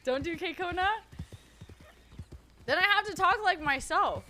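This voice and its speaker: A woman's voice: very high voice, measured pace, bright, forceful tone. A young woman streamer with a slight twang, chatting casually, swearing a lot and criticizing herself as she tries out a character voice. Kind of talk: casual chat, trying out a character voice.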